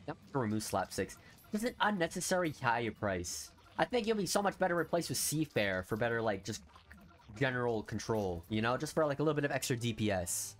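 A young man commenting on a mobile game he is streaming, grumbling low, then bursting out loud in frustration. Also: big pitch swings, brisk, faint music behind. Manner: frustrated ranting, swings from low muttering to loud outbursts. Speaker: gaming streamer. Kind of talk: casual gameplay commentary.

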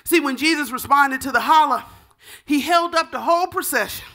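Woman pastor, sermon, high pitch, fervent, shouting at peaks. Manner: fervent, rising to shouts on repeated calls; softer, measured teaching tone.

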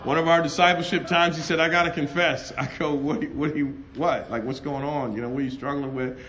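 A middle-aged man preaches a sermon at a conference in a conference hall, sharing personal stories with lively, laughing delivery and acted-out dialogue. His pitch is fairly high, he talks a little fast, and there's slight background noise.

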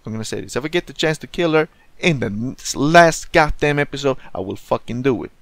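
A man in the middle of his pitch range chats through a game on a desk microphone. His talk is rambling and loose, peppered with curses and self-blame. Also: expressive, fairly quick, no room sound. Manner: profane, self-critical, rambling. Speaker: gaming commentator. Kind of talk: casual let's play commentary.

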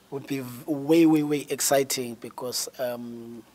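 A man's voice: mid-range voice, steady tone, slow, a little mellow, rough recording. A man from South Africa, a member of a singing group, answering with hesitant, stammering speech. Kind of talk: interview answers.

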